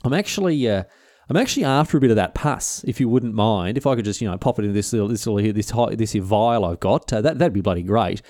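A man's voice: fairly low pitch, animated, fast talker, mellow, no echo, clean studio sound, natural voice. Man doing a chummy Aussie country doctor. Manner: chummy, rambling, bumbling. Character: eager country doctor, matey and pushy.

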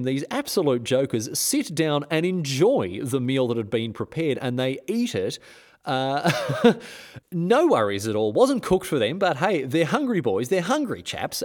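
Male history podcast host, irreverent, jokey, mid pitch. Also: a little mellow. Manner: irreverent, joking, many restarts and chuckles. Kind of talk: casual history storytelling.

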